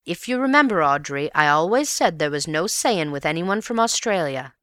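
A woman's voice: low-pitched, lively intonation, normal speed, fairly bright tone, no echo, clean studio sound. A woman voicing a nervous older woman who is fretful and quavering with panic. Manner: anxious, fretful.

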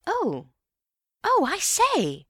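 A woman voicing an eager, excitable young man who exclaims and fires off quick questions. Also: fairly high pitch, no room sound, clean studio sound, pitched above the performer's own voice. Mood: excited.

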